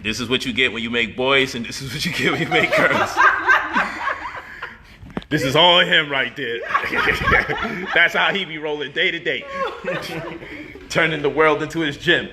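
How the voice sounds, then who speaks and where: A man's voice: fairly high pitch, big pitch swings, moderate pace, very noisy. A man hosting a casual home cooking vlog in his kitchen, playful and teasing as he coos at his baby daughter. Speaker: cooking show host.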